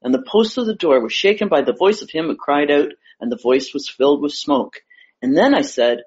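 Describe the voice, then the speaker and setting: Woman, husky voice, scripture reading, muffled call sound. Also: deep voice, very animated, a little fast, a little mellow. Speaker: scripture reader.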